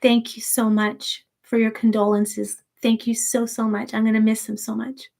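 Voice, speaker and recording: A woman hosting a livestream, chatting casually with viewers in a soft, rambling way, grieving and holding back tears. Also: a little high, level tone, normal speed, creaky. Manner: soft-spoken, rambling with many restarts. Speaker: sleep story channel host.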